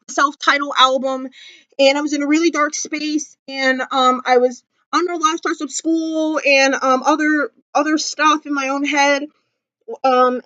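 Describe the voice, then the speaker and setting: A woman's voice: high-pitched, pushed and bright, no echo. A woman talking in an unscripted casual vlog, rambling and gushing, with many fillers and self-corrections. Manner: effusive and gushing. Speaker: YouTube vlogger. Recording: dull lo-fi dry recording.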